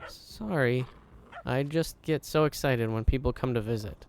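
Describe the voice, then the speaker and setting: A man reading game dialogue aloud, voicing an excitable, childlike talking dog in a bubbly, pleading way. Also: mid-range voice, measured pace, a little hiss or hum, lightly acted. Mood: eager.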